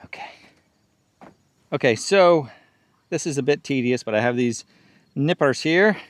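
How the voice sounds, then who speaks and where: A man talking through a do-it-yourself job as he goes, in a steady mid-range voice. He explains each step in plain words and thinks aloud about what to try next, like a relaxed home-repair host. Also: medium pitch, unhurried. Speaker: DIY channel host. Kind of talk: casual how-to narration.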